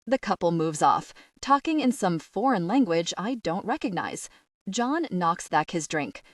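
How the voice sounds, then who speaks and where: A woman narrating a first-person audiobook in a lively, expressive way. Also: on the low side, normal speed, no room sound, studio quality, far from the mic.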